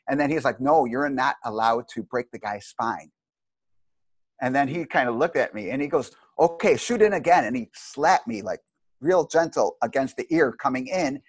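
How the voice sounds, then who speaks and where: A middle-aged man, a martial arts teacher, telling long anecdotes in a rambling, animated way with many restarts. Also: medium pitch, slightly rough, no room sound. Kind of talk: casual storytelling interview.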